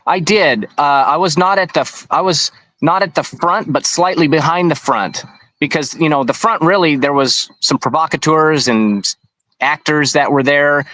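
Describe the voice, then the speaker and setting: A man's voice: fairly high pitch, normal speed, sharp tone, no room sound, low-quality recording. A man being interviewed, recounting events in a rambling, conversational way with frequent restarts. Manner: rambling, with many restarts and asides. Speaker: interview guest.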